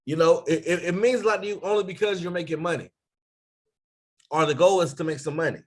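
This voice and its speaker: A man coaching his team over a live stream, his voice sitting a little high for a man. He talks with lively energy, keeps asking viewers to post in the comments and shouts people out by name. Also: fast. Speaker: business coach.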